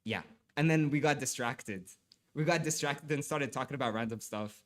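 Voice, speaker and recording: This young man speaks at a moderate pace in a medium-pitched, fairly bright voice while chatting with livestream viewers and reading aloud. Slightly congested from allergies, he often apologizes and trips over repeated words.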